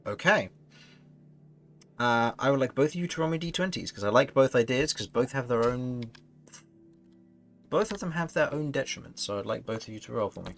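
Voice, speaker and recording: A man's voice: mid-range voice, animated, fairly quick, gravelly, long pauses, fairly bright tone, soft background music. A man narrating as game master of a tabletop fantasy game, rambling and correcting himself as he goes. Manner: rambling, self-correcting narration with frequent laughs.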